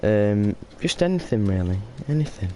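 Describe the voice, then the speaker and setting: A man's voice: on the low side, big pitch swings, normal speed, noisy background. A man giving casual, rambling commentary while playing a game, drowsy and yawning now and then. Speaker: gameplay streamer.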